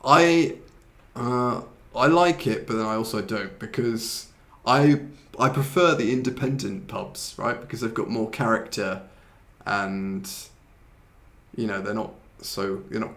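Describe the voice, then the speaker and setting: A man's voice: fairly low pitch, measured pace, a bit bright. A man hosting a live online English lesson, chatting casually with a co-host and reading out viewers' questions. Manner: chatty, switches to Korean to explain. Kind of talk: casual teaching chat.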